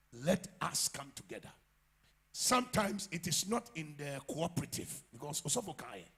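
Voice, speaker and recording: A man with a Ghanaian English accent preaching a sermon as pastor, swinging from quiet asides to loud shouts. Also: on the high side, husky. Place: church.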